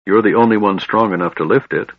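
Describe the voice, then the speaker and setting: A man voicing a weary, grudging male half-elf leader who speaks in a quiet, reluctant way. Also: on the low side, quick pace, slightly rough, no room sound, dull audio.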